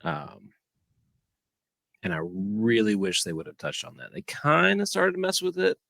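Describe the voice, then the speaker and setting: A man co-hosting a casual podcast, laid-back and halting, often repeating himself. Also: on the low side, very animated, gravelly, a bit bright, no echo, clean studio sound. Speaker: podcast co-host. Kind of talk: casual chat.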